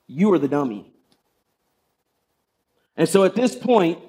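Male pastor, sermon, conversational storytelling, rhetorical questions, fairly high voice. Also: a little mellow.

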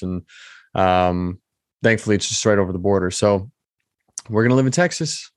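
Man, podcast host, casual solo monologue, rambling with fillers, medium pitch, dry close sound. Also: dry recording. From Michigan. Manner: rambling, loose and chatty with many ums and restarts.

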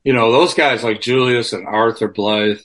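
The man, a guest musician, talks in a fairly bright voice on the low side, keeping a moderate pace and fairly even intonation. His candid, conversational interview is heavy on profanity, and he rambles with many restarts over a remote call from home.

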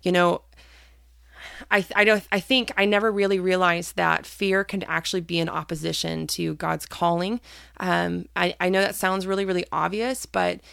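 A woman's voice: lowish voice, fairly even intonation, moderate pace, creaky, fairly bright tone, no room sound, clean studio sound. A woman hosting a personal faith podcast, talking candidly and hesitantly with many fillers and restarts. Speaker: podcast host.

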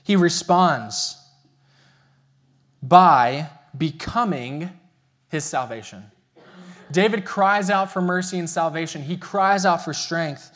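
A young man preaching a sermon as pastor, telling a family story and slowing down to stress key phrases. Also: a little high, fairly bright tone. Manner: storytelling, earnest and emphatic, slows for key phrases.

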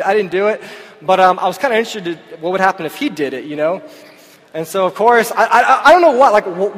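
A pastor preaching a sermon to his church, telling a personal story in a conversational way. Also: high voice. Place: church service. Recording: long hall reverb.

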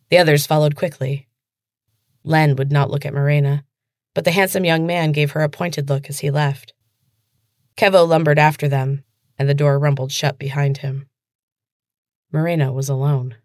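Low-voiced woman reading a story. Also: no room sound, clean studio sound. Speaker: podcast host reading her own fiction. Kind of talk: scripted narration of a fantasy story.

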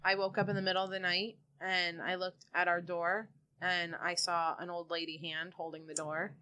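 Emphatic woman with a bright voice. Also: lowish voice, level tone, normal speed, highs cut off, slight background noise. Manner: emphatic, dramatic storyteller. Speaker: podcast co-host. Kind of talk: casual chat.

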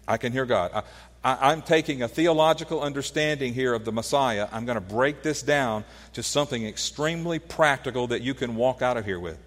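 A pastor delivers an earnest teaching sermon, posing questions to his listeners and restarting phrases as he works through his points. His voice sits at an ordinary male pitch and carries a long reverb from a church hall. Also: a little fast, a bit bright.

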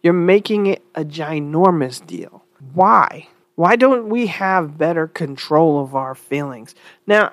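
A woman giving an earnest spoken commentary, asking rhetorical questions with sighs and lively pitch swings. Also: dry recording.

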